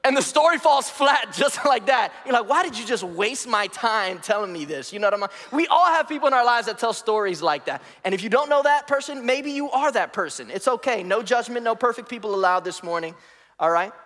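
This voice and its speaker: A high-pitched man preaches in a church auditorium, with long echoes trailing his words through the hall. He is from the DC area and keeps things playful, teasing the congregation and joking between points. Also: animated, a little fast, a bit bright. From DC area, United States. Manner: playful, joking, acts out voices in anecdotes. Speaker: guest preacher. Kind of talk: sermon.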